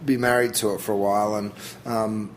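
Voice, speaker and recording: A man's voice: on the low side, level tone, brisk, slight background noise. A middle-aged Australian man, a chef being interviewed, talking casually and thinking aloud with frequent restarts. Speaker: chef guest.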